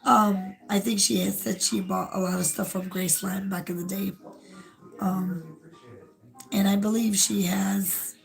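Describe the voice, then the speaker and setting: Hoarse female host, gravelly and rambling, casual livestream. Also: mid-range voice, level tone, unhurried, faint music behind, rough recording. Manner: rambling, many fillers. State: hoarse, losing her voice.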